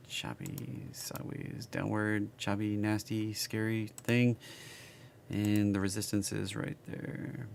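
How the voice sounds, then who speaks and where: A man's voice: lowish voice, vocal fry, a little mellow, a little hiss or hum. A man with a Southern accent, casually reading stock charts on a live stream and chatting with viewers.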